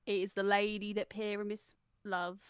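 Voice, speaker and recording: A woman voicing a fussy male carpenter who casts a play, brisk and clipped with a shaky put-on accent. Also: mid-range voice, little pitch movement, clear, resonant tone, no echo, clean studio sound, lightly acted. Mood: bossy.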